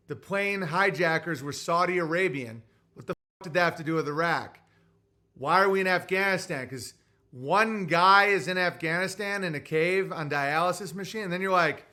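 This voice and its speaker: A man's voice: high voice, bright, forceful tone. A man ranting in a heated conversational style, profane and mocking, slipping into quoted voices of people he argues with.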